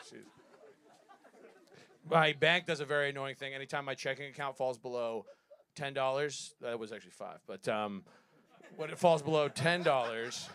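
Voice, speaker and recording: A man's voice: medium pitch, a bit bright. A man in his thirties doing a rambling, self-deprecating stand-up set on a live stage, often laughing at his own jokes. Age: 30s. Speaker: stand-up comedian.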